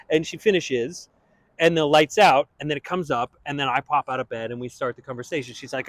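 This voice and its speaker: A man's voice: a little high, normal speed, no echo. A man, a guest, telling a backstage anecdote in casual chat and acting out the quotes. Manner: animated storyteller, acts out quotes.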